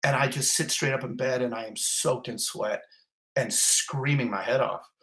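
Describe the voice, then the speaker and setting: A middle-aged man tells a personal story on a podcast, building it up in short, repeated, graphic clauses. His voice sits at an ordinary middle pitch, and the delivery stays intense and vivid. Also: steady tone, moderate pace, fairly bright tone. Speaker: fire captain, guest.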